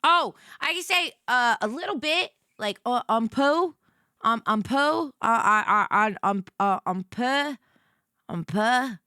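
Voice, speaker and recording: Woman streamer, playful rambler who stumbles over her words, high voice, dry close sound. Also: expressive, slow, sharp tone, smooth, dry recording. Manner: rambling and playful, stammers and repeats herself, swears. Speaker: livestreamer. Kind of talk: casual stream chat.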